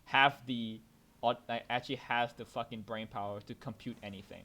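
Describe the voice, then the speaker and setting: This young podcast co-host games while he chats, rambling and cursing in a casual way, with frequent restarts and loud outbursts during rants. He speaks at a normal speed with a medium pitch and a steady tone.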